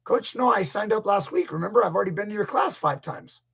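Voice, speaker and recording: A man's voice: high voice, animated, fast talker, vocal fry, fairly bright tone, slightly rough, pitched above the performer's own voice, heavily acted. A man voicing a puzzled gym member who keeps correcting the coach in a raised voice. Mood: insistent. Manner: insistent, correcting.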